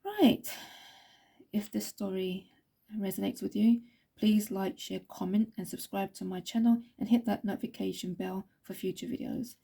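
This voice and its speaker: Gravelly, husky woman giving a psychic reading. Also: mid-range voice, normal speed, warm tone. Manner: relays a spirit's words in long repetitive runs. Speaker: psychic reader.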